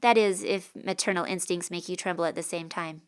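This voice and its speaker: A woman's voice: lowish voice, fairly even intonation, fairly quick, clear, resonant tone. Woman narrating a first-person audiobook.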